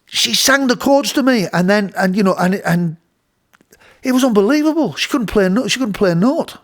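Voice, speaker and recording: Speaking at a normal pace, this middle-aged man has a high, animated voice as he hosts and spins a casual studio tale. He keeps restarting, wanders off track, and laughs while imitating people.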